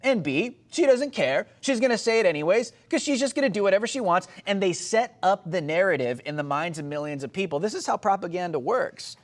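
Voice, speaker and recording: Young man, heated political commentary, emphatic and sarcastic, slightly high voice. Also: lively intonation, brisk, hardly any pauses. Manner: emphatic, sarcastic, rising to loud bursts.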